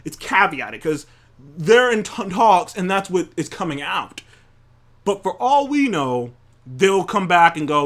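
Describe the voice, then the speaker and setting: A man's voice: high voice, very animated, unhurried, fairly bright tone. A man hosting a show, ranting angrily and profanely into a studio mic, with many restarts. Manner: angry, profane, rambling with restarts. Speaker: show host. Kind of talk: heated opinion rant.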